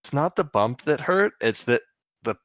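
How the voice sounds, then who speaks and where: A man's voice: mid-range voice, very animated, moderate pace, fairly bright tone, dry recording, lo-fi sound. A man co-hosting a podcast in casual chat, joking, swearing freely and acting out quotes. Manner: laughs often, swears freely, acts out quotes. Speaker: podcast co-host. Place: home, on the US West Coast.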